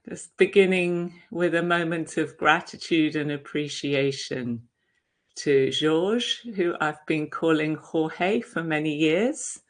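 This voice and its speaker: A woman meditation teacher giving a dharma talk over a video call, gentle and reflective, with soft hesitations. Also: sits low.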